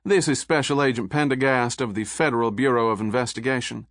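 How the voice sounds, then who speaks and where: A man doing a smooth Southern federal agent. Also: medium pitch, steady tone, brisk, fairly bright tone, dry recording, clean studio sound, close to an everyday voice. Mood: cool. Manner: smooth, pleasant, coolly polite. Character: suave, icy male federal agent.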